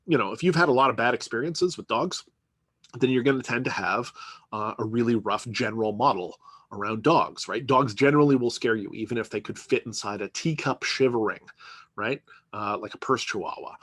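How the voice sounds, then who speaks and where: A man's voice: medium pitch, fairly bright tone, no echo. A man giving a conversational university lecture, often checking in with "right?" and filler words. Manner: conversational, peppered with "right?" and "you know".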